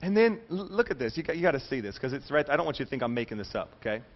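A man preaching a sermon as pastor, animated, telling stories and acting out quoted voices. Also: mid-range voice, very fast, highs cut off.

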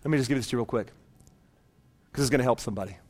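A man's voice: medium pitch, rapid-fire. A man in his thirties preaching a sermon, telling a personal story and calling out to the congregation. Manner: animated storytelling, calls out to congregation. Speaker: pastor.

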